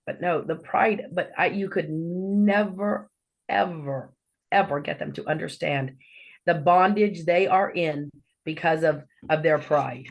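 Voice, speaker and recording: A woman's voice: low voice, measured pace, low-quality recording. Emphatic female co-host. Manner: emphatic, earnest. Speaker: podcast co-host. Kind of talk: interview podcast conversation.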